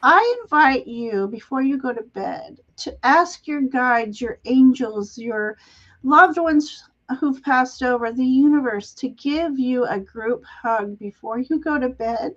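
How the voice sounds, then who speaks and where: A woman host giving a live tarot reading, speaking gently and laughing often between phrases, on dull lo-fi livestream audio. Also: high-pitched, measured pace. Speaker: tarot reader and show host.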